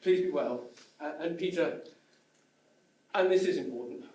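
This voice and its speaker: A man playing an apologetic colleague who breaks bad news in halting, hesitant phrases. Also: fairly high pitch, a little mellow, lightly acted. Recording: echoey room, distant mic.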